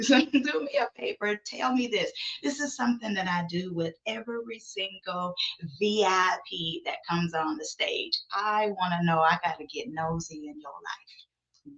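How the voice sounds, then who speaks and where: A woman hosting a faith talk show, playful and animated, who keeps calling her listeners family. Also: lowish voice, unhurried, muffled recording. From not from the South. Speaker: podcast host. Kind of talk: upbeat faith interview.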